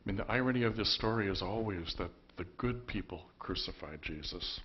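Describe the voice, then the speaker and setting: Male pastor, low voice, conversational storytelling sermon, muffled church recording. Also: a little fast. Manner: storytelling, conversational with emphatic outbursts.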